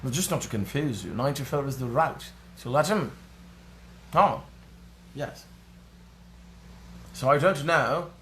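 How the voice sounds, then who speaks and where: A man voicing a prim, proper-spoken English news critic with careful, formal enunciation and a measured, pompous newsreader delivery. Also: mid-range voice, lively intonation, fairly bright tone, a little hiss or hum.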